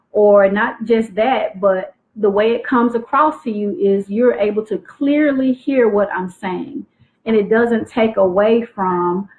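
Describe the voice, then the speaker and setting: A woman teaching teen girls on a live stream, speaking clearly and expressively. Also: medium pitch. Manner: clear, articulate, expressive delivery. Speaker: youth self-esteem coach. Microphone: phone livestream. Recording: tinny phone-like livestream audio.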